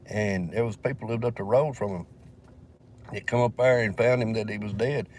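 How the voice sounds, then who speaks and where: A man's voice: on the low side, normal speed, a little mellow, a little hiss or hum. Man, Southern Alabama accent, rambling profane storyteller, casual vlog, talking from a vehicle.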